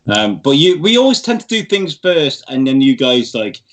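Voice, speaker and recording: A British man chatting on a podcast with a blunt, sweary edge, quick to laugh between rants. His voice sits at an ordinary middle pitch. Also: very animated. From United Kingdom. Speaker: guest. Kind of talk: casual podcast chat.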